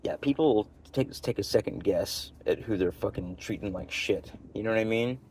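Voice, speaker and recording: A man's voice: on the low side, normal speed, darkish tone, slight background noise, rough recording. A man talking casually and bluntly, swearing freely. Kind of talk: casual speech.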